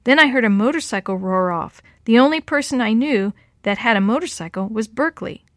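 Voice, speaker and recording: A lonely old woman speaks in a gentle, unhurried voice, as a woman reading the story puts her on. The sound is close and dry, with no room around it. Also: a little high, lively intonation, no echo, close to an everyday voice. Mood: wistful. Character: lonely elderly woman, kind and wistful. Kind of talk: audiobook character reading.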